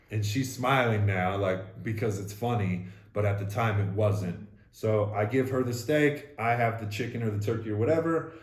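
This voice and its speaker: A man's voice: fairly low pitch, a little mellow, echoey room. A man telling his own story candidly and bluntly, with frequent swearing, in a casual conversation. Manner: raw, blunt, swears freely. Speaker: podcast co-host sharing his story.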